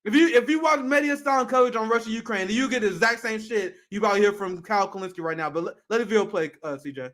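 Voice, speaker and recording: A man reacting to a video clip, his voice riding very high as he rants. He talks fast and heatedly, with plenty of profanity. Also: fairly bright tone. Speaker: commentary co-host.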